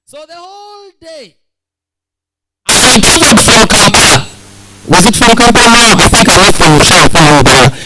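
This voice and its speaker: A man's voice: high voice, very animated, a little slow, heavy background noise. A man preaching a sermon, telling a personal story with laughter and raised punchlines. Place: church hall.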